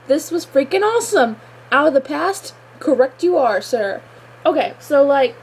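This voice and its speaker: A fan reviewer gushes about a show episode in exclamatory chat packed with filler words. Her voice is high-pitched, a little mellow, and husky, and the recording quality is low.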